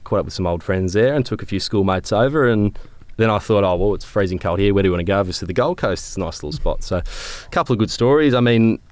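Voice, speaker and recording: Australian man, young, low-pitched, laid-back storyteller, dry close podcast mic. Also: expressive, quick pace, darkish tone, no room sound. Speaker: club captain guest. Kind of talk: casual podcast chat. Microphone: podcast microphone.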